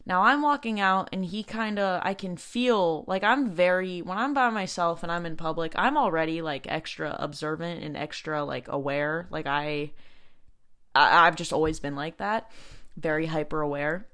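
Chatty young woman, lowish voice. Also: a bit bright. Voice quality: heavy use of filler "like", halting restarts. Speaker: podcast host. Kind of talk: casual storytelling.

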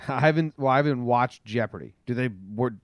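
Easygoing young man with a smooth voice. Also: mid-range voice, moderate pace, no echo, studio quality. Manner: easygoing, questioning, rambling. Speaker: podcast co-host. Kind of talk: casual chat.

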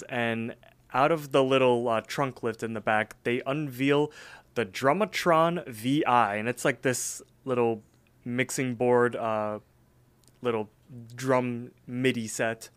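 A man's voice: medium pitch, slow, clear, resonant tone. A man co-hosting a podcast, casually recapping an episode in a rambling way with lots of "like" and "um". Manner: rambling, filler-heavy retelling. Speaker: podcast co-host.

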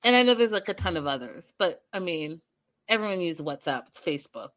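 A woman casually recapping a reality show episode, chatty and animated, with sarcastic asides. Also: lowish voice, fairly quick.

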